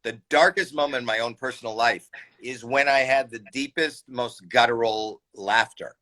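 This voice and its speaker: A man from Canada, a comedian, telling an animated anecdote in casual chat, acting out the people in it. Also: medium pitch, moderate pace, low-quality recording. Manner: animated storyteller, shouts and voices people in anecdotes. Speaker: comedian guest. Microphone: video call.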